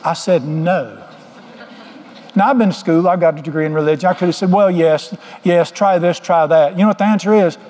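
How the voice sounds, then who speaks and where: Folksy preacher with a higher voice. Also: male voice, brisk, darkish tone, slight background noise. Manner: folksy, joking storyteller. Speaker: pastor. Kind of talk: sermon. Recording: long hall reverb.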